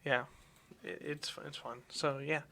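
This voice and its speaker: A man's voice: fairly high pitch, level tone, unhurried, sharp tone, a little hiss or hum. A young man hosting a student radio show, chatting casually and rambling with fillers and restarts. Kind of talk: casual chat.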